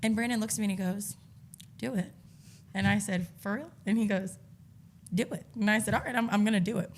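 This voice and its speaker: A woman's voice: medium pitch, fairly even intonation, very fast, slight background noise. A woman co-hosting a podcast, telling her side of a bar story bluntly and with self-assurance. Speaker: podcast co-host. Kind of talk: casual chat.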